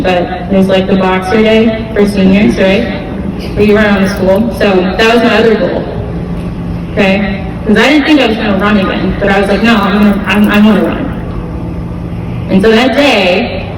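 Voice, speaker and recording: A young woman gives a relaxed, heartfelt talk to a school audience, with many fillers and repeated words. She sounds distant from the mic, with long reverb from a large hall and a steady noisy background. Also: mid-range voice, normal speed. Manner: casual, earnest, with fillers and repeats. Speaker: guest speaker at a school event. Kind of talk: motivational talk to students. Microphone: distant camera mic. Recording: echoey gym, far from the mic.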